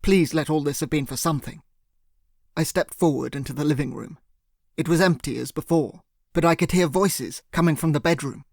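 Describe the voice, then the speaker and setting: A man's voice: fairly high pitch, a little fast, creaky, darkish tone, dry recording, clean studio sound. Earnest man narrating. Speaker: audiobook narrator. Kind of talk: first-person audiobook narration.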